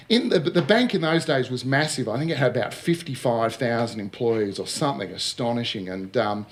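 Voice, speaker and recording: A middle-aged man speaks in a somewhat high register. He spins workplace anecdotes with energy, slipping into the voices of the people in his stories and checking in with his listeners as he goes. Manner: lively storyteller who acts out dialogue and keeps checking with "all right?". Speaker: speaker on recruitment. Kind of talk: casual anecdotal talk.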